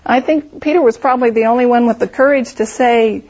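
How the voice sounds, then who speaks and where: A woman with a somewhat high, husky voice leads a Bible study and explains scripture by painting vivid imagined scenarios. The recording sounds dull and lo-fi. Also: fairly quick, few pauses, darkish tone. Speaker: Bible teacher.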